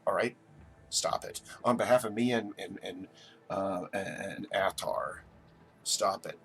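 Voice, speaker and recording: A man's voice: deep voice, slow pace, gravelly, fairly bright tone. A man from New Jersey hosting a casual live chat, rambling and stammering as he answers viewers. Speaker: livestream host.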